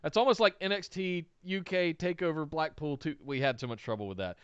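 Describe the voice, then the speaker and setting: A man's voice: a little high, brisk, clear, resonant tone, no echo, lo-fi sound. A man co-hosting a wrestling podcast in casual chat, emphatic and easily wound up. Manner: wound up, emphatic, rises to yelling when heated. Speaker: podcast co-host.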